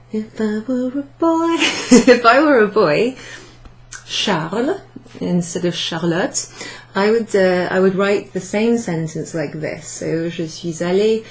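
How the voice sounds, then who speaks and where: A woman teaching a recorded French lesson, chatty and relaxed, with frequent ums and light laughs as she writes out examples. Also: lowish voice, poor audio. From Wales.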